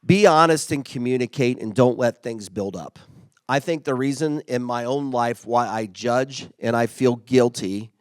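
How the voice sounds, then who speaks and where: A man's voice: mid-range voice, measured pace, clean tone, no room sound. A middle-aged man giving a casual, conversational motivational talk as a workplace leader. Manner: conversational, acts out quoted remarks.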